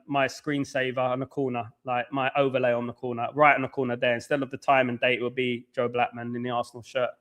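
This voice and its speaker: A rambling, teasing young man with a London accent, chatting to viewers on a live stream. His voice sits a little high and sounds bright and forceful. He swears freely. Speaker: host. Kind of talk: casual live-stream chat answering viewers.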